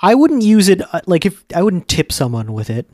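Brief: male podcast co-host, wry dry wit, expressive pitch, dry close sound. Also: fairly quick, no echo. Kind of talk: casual chat.

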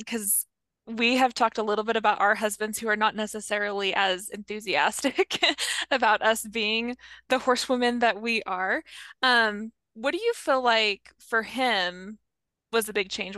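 A woman hosts a casual interview, chatty and affirming toward her guest. Her voice is bright and forward, with plenty of vocal fry. The sound is dry, with no room echo. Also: a little high. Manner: warm, affirming and chatty with laughs. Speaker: podcast host.

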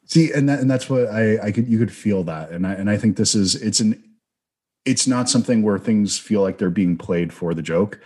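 A man's voice: lowish voice, moderate pace, mellow, husky. A man hosting a film interview who talks in long, thoughtful, rambling reflections. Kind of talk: conversational interview.

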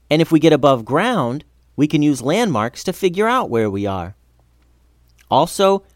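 A man's voice: mid-range voice, no room sound, clean studio sound, close to an everyday voice. A man voicing a sensible young girl who reasons her plan through earnestly.

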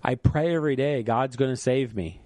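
A man's voice: medium pitch, moderate pace, a little mellow, no echo, close to an everyday voice. A man voicing a stubborn, devout man stranded in a fishing boat who keeps insisting on his faith. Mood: insistent.

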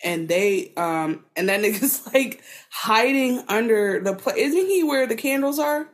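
A woman's voice: a little high, expressive, unhurried. A woman co-hosting a podcast, chatting casually in a rambling, profane way full of filler words. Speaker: podcast co-host. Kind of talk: casual chat.

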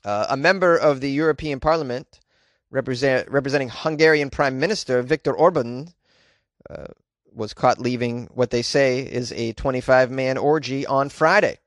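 A man giving comedic news commentary in a sarcastic, animated way, laughing at the stories he reads. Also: mid-range voice, normal speed, no echo, clean studio sound. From United States.

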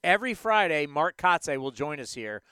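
A man hosting a sports talk show, ranting emphatically in a lively, animated way. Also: fairly high pitch, normal speed, clear, resonant tone, no echo. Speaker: host.

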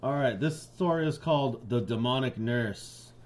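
A man's voice: mid-range voice, normal speed, darkish tone, slight background noise. A man co-hosting a podcast, joking crudely and reading stories aloud. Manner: crude, joking, laughs a lot. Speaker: podcast co-host.

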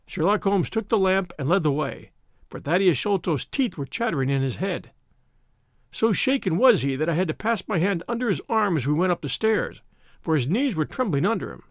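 A man narrating a story in an expressive, dramatic reading. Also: sits high, fairly quick, no room sound, studio quality. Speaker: audiobook narrator. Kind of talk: scripted narration.

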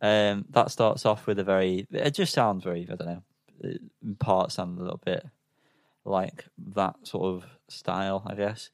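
Casual male co-host, lowish voice, hesitant, dry close mic. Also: moderate pace, gravelly, no room sound. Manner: hesitant, lots of ums, self-deprecating. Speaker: podcast co-host reviewing albums. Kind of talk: casual chat.

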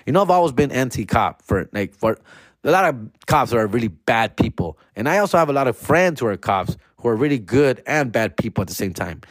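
A man's voice: mid-range voice, sing-song, fairly quick, no echo, clean studio sound. A man telling stories in a casual monologue, full of swearing and street slang. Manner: profane slangy banter. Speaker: storyteller host.

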